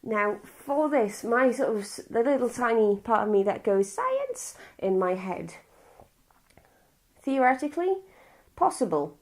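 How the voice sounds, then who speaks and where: A woman's voice: medium pitch, steady tone, moderate pace, hardly any pauses. A woman from Wales with a Welsh accent, casually reviewing a film in a chatty, rambling, blunt way. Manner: rambling, chatty and blunt, with frequent restarts and swearing.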